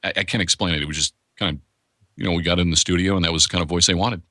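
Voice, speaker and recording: A man's voice: deep voice, steady tone, racing, pushed and bright, dry recording, studio quality. A man who works as a voice actor, talking candidly in a casual interview and rambling with restarts. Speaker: voice actor guest.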